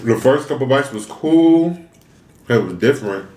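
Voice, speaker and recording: A man's voice: mid-range voice, lively intonation, normal speed, a little mellow, echoey room. A man chatting casually to viewers while eating, venting and asking rhetorical questions. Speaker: mukbang vlogger. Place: room, eating on camera.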